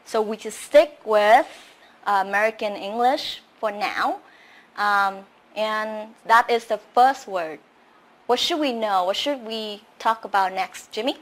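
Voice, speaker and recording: A woman teaching English pronunciation slowly, with many fillers. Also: mid-range voice. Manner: slow, halting, many fillers. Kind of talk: slow pronunciation lesson.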